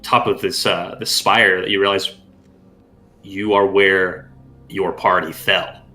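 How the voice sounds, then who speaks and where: A man narrating a tabletop role-playing game as game master, describing scenes in a measured storytelling way. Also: deep voice, flat delivery, pushed and bright, soft background music.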